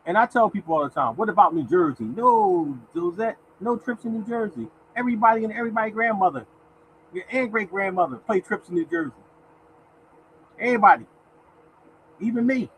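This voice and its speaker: A man hosts a casual live lottery stream, his voice sitting somewhat high for a man. He chats loosely with viewers, calls them by name and reads number after number aloud. A faint hum sits behind him. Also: animated, fairly quick, long pauses, rough recording. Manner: mutters softly to himself while searching. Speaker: lottery show host.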